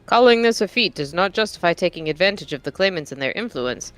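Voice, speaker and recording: A woman's voice: fairly low pitch, animated, fast talker, fairly bright tone, soft background music, pitched above the performer's own voice. A woman voicing an earnest young female claimant while reading game dialogue aloud.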